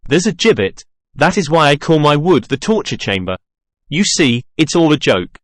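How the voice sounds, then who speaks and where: Menacing masked genius with a lively, swooping delivery as a male reader does him, for a storybook reading. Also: on the high side, moderate pace, no room sound, clean studio sound. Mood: brooding. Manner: theatrical, wheedling then boastful.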